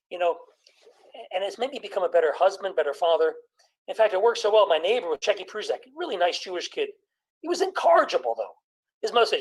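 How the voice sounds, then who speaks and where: A man in his sixties doing a stand-up comedy routine, telling stories about his childhood with quick jokes and impressions of his family. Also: high-pitched, big pitch swings, poor audio.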